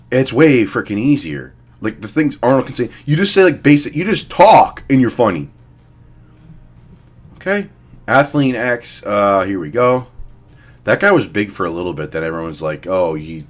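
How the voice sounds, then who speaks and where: A man's voice: on the low side, sing-song, moderate pace. A young man giving blunt, profane, rambling casual commentary as he ranks fitness figures. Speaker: fitness vlogger. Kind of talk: casual commentary ranking influencers.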